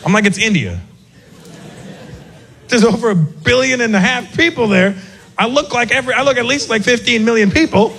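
A male comedian doing a stand-up set with animated storytelling and quick asides. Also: extremely high pitch, breathy edge. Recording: live set with audience noise.

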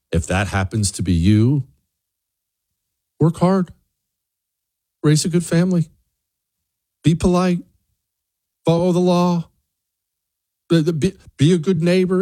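A man delivering an opinion monologue, full of rhetorical questions and repeated words, who jumps up into high mocking voices when he quotes other people. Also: warm tone, dry recording. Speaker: commentator.

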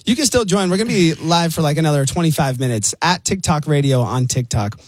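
A man co-hosting a live radio show, chatting casually in an excitable way and laughing often. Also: a little high, brisk, no room sound. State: a bit out of breath. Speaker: radio co-host.

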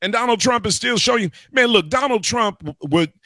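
A man hosting a talk radio show, rambling through an animated political monologue and calling listeners y'all and guys. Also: very high-pitched, brisk, dry recording. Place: radio studio.

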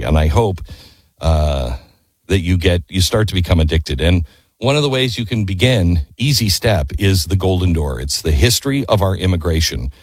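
Husky, emphatic male radio host. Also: deep voice, dry recording. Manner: animated, emphatic, with mock-incredulous asides. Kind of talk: casual storytelling and ad reads.

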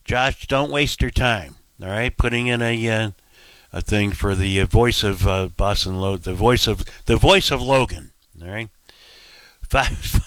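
A man's voice: lowish voice, measured pace, a bit bright, no room sound. A man hosting a casual talk radio show, rambling through fillers and asides at a studio microphone.

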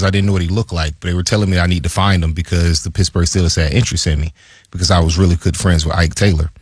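Low, husky-voiced man telling stories. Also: dry recording, studio quality. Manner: storytelling, laid-back, animated retelling. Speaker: co-host, former pro football player. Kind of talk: casual sports talk.

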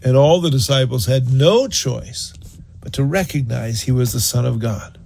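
A man preaching a sermon, telling the story in an animated, earnest way and urging listeners to act on it. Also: medium pitch, normal speed, gravelly, slight background noise. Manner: animated storyteller, acts out scenes; earnest, exhorting.

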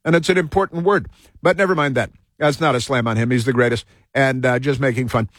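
Dry, halting male talk show host. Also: mid-range voice, fairly bright tone, no room sound. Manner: halting, full of fillers and restarts. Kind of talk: rambling political talk monologue.

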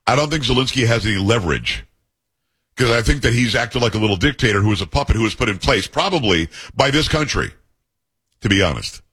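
A man's voice: mid-range voice, animated, fairly quick, a bit bright, slightly rough. A man hosting a talk radio show, reading news aloud and giving emphatic, opinionated commentary while joking with his co-hosts.

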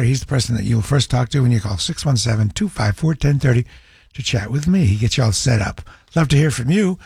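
A man's voice: medium pitch, vocal fry, darkish tone, slightly rough, dry recording, clean studio sound. A man hosting a live radio talk show, easygoing and friendly as he steers callers along. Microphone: studio microphone.

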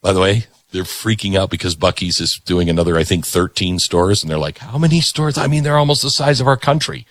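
A male talk show host delivering an animated opinion monologue, sarcastically acting out quoted voices. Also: low-pitched, brisk, hardly any pauses, no room sound.

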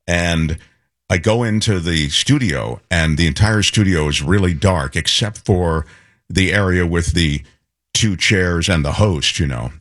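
A middle-aged man co-hosting a radio show, telling a story in a lively way and acting out the voices of the people in it. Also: sits low, measured pace, no room sound, studio quality. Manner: animated storyteller, acts out voices. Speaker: radio co-host. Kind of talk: casual chat, anecdote telling.

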